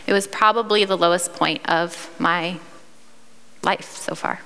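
A woman in her thirties from Iowa tells her own testimony, candid and earnest, with a bright, forceful voice. Her words ring out with a long reverb, as if from a large hall. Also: fairly low pitch, fairly even intonation, measured pace. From Iowa, United States. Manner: earnest, candid storytelling with fillers and restarts. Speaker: speaker sharing a personal testimony. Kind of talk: personal testimony.

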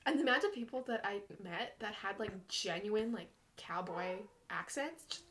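Young woman, casual chatty storytelling, sarcastic, bright voice. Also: medium pitch, lively intonation, normal speed. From Saskatchewan, Canada. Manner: chatty, sarcastic, laughs often. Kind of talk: casual chat.

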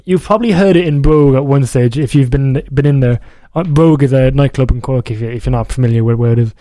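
Mellow-voiced radio DJ, rambling. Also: male voice, mid-range voice, quick pace, no echo. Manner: rambling, self-correcting, chatty. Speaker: radio DJ host. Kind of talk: casual music show chat.

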